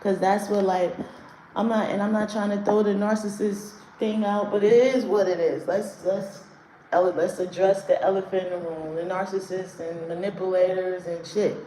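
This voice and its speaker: A woman hosts a casual livestream and talks straight to her viewers in a blunt, profane way, snapping back at the chat. Her voice sits at an ordinary middle pitch. It rings with room echo over a faint background hiss. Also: steady tone, normal speed, mellow. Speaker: livestream host doing card readings. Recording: roomy echo, faint noise.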